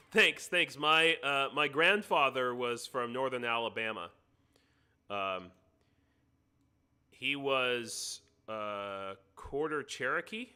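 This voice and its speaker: An American livestream host chats loosely on a computer mic, cracking jokes and stopping to fiddle with his audio settings. His medium-pitched voice is very bright and sharp yet clear and resonant. He takes it slowly, with long pauses.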